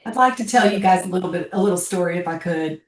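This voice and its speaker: Older woman telling a heartfelt story, roomy and distant. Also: slight background noise. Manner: heartfelt, halting, voice climbing high when moved. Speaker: guest speaker, bereaved military mother. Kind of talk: personal storytelling on a webinar.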